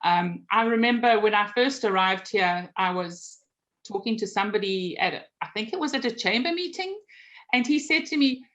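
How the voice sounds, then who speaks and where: A woman's voice: medium pitch, animated, moderate pace, a bit bright. A woman with a South African accent, a guest telling self-deprecating stories in a casual interview and laughing as she goes. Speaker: guest, magazine publisher.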